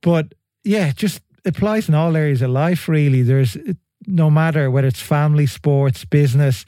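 A man's voice: on the high side, normal speed, mellow, no echo. A man hosting a podcast, chatting casually and thinking aloud with friendly restarts. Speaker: podcast host.

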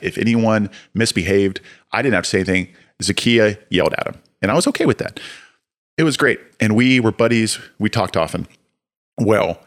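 A young man telling a lively personal story on a podcast, acting out his own shouting as he goes. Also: lowish voice. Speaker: podcast co-host. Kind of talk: casual storytelling.

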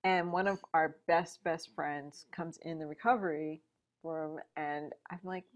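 Low-voiced woman telling a story. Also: measured pace. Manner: animated storyteller, frequent fillers and asides. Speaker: guest. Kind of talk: personal storytelling in conversation.

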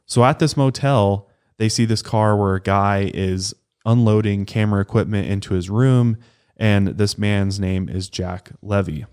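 A man's voice: fairly low pitch, measured pace, darkish tone, clean tone. A man co-hosting a podcast, recounting a true-crime case in a loose, conversational way with casual swearing. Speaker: podcast co-host.

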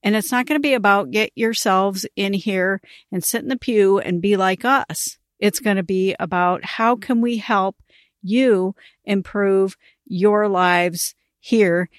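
A middle-aged woman tells a story on her ministry podcast, animated and quick to laugh. Her voice sits at an ordinary middle pitch, recorded dry and close to the mic. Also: dry recording. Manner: animated, laughs while telling stories. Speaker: podcast host, ministry coach. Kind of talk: casual storytelling monologue.

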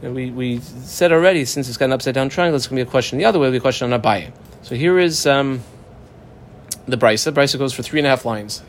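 A man teaching a Talmud class in a lively, conversational way, moving between English and Aramaic terms. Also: mid-range voice, slight background noise.

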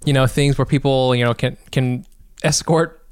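Male comedy co-host, rambling sarcasm, smooth, dry close-mic sound. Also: mid-range voice, fairly even intonation, normal speed, dry recording. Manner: rambling, sarcastic, many restarts. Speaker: podcast co-host. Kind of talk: casual comedy podcast chat.

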